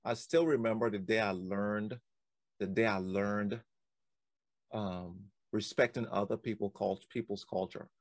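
A man's voice: fairly low pitch, steady tone, no room sound. Laughing, rambling man host, dry sound. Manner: rambling storyteller with quick laughs. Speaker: podcast host. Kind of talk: casual conversation.

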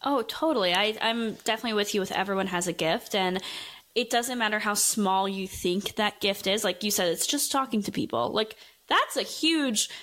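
A woman's voice: medium pitch, moderate pace, a bit bright. A woman who is a startup founder and content creator, guesting on a podcast and talking casually, upbeat and with many "like"s. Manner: upbeat, fills speech with "like". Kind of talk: casual interview chat.

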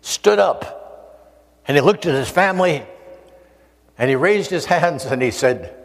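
An older male preacher from the Oregon coast, telling a personal story in an animated way, acting out voices and joking with the listeners. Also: fairly high pitch, a little slow, gravelly. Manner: animated storyteller, acts out voices, jokes with audience. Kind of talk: storytelling testimony sermon. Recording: long hall reverb.

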